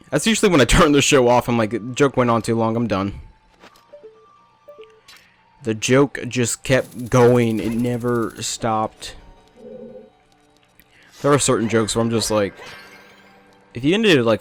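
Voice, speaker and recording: A young man rambling through self-mocking gameplay commentary, with jokes and asides. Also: medium pitch. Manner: self-deprecating, rambling, jokey. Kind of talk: rambling let's play commentary.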